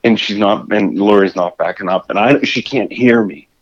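A man with a lower-pitched voice spins a story in casual conversation, animated and prone to tripping over his own restarts. The recording sounds dull and lo-fi, with the top end rolled off. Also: moderate pace. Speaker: guest telling a fishing story.

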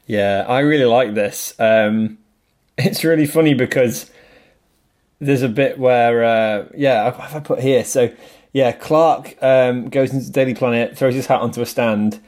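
A man's voice: medium pitch, a little slow, a little mellow. A man co-hosting a casual film chat, talking freely and laughing often as he pokes fun at stereotypes. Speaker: podcast co-host.

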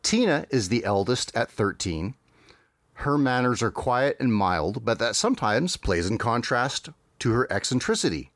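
A man's voice: mid-range voice, big pitch swings, moderate pace, fairly bright tone, no echo. A man hosting a podcast, recapping a cartoon episode in a dry, wry way with frequent hesitations. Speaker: podcast host.

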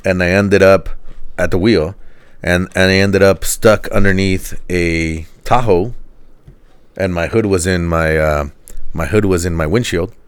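A man's voice: deep voice, fairly even intonation, unhurried, clean tone, dry recording. A man in casual chat who swears freely and laughs at his own stories. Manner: profane, laughing storyteller.

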